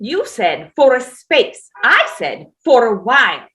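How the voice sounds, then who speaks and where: A woman's voice: high voice, very animated, slow pace, fairly bright tone, heavily acted. A woman reading the part of an imperious, sleepwalking Tudor queen in a staged play reading, declaiming with haughty command.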